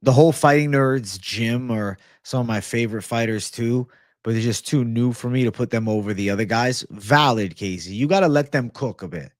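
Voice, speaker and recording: Brief: young male host, relaxed profane banter, dry close-mic sound. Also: medium pitch, normal speed, no room sound. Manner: profane, laid-back, reads chat aloud. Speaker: MMA show host. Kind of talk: casual livestream chat.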